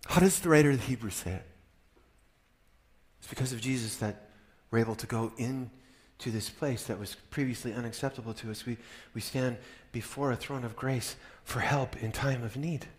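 A man in his fifties preaching a sermon, moving from soft, intimate talk to loud, exclaiming passages, often laughing. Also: medium pitch, normal speed, slightly rough. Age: 50s.

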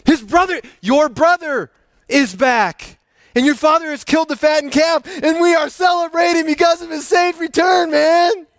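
Guy doing a super excited servant yelling the news, way up high. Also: moderate pace, no echo, clean studio sound. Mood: thrilled. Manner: breathless, high-pitched shouting. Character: excited young male household servant.

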